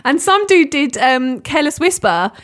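Bubbly high-voiced woman podcaster. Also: big pitch swings, moderate pace, a bit bright. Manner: bubbly, giggly, swearing freely. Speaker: podcast co-host. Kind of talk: casual chat.

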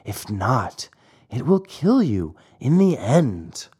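A man voicing a gentle but firm motherly fairy in an audiobook, speaking in a soft, calm, instructive way. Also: medium pitch, slow, husky, heavily acted. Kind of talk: audiobook character reading.

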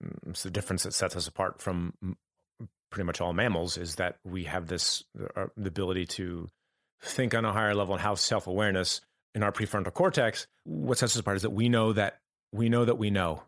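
A podcast guest, a man with a fairly low voice, speaking in a reflective, halting way and reworking his sentences mid-thought. The sound is dry and close, with no room around it. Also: fairly bright tone, dry recording. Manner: halting, thoughtful, many restarts. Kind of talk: reflective conversation.

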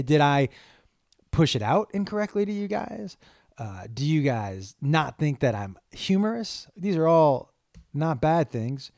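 A man's voice: a little high, darkish tone, no room sound, studio quality. A middle-aged man hosting his own podcast, talking candidly and rambling, swearing freely and pleading with his listeners. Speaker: podcast host. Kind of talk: casual solo podcast talk.

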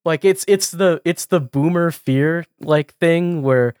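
Another podcast co-host, his voice on the high side, talks at a slow pace with a slightly mellow, clean tone. The studio-quality audio has no room sound. He rambles through the casual chat, full of fillers, restarts and frequent laughs.

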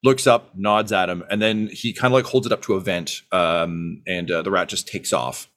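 A man narrating a tabletop game as game master, halting and filling pauses with "uh". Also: low-pitched, steady tone, a bit bright. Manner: halting, lots of fillers.

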